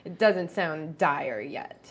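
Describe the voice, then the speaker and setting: A woman with a slightly low voice runs a tabletop game, describing scenes in a loose, casual way. Her narration is dotted with "like" and "um" as she sets each scene. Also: takes it slowly. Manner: casual, filler-heavy narration with many "like"s. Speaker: game master.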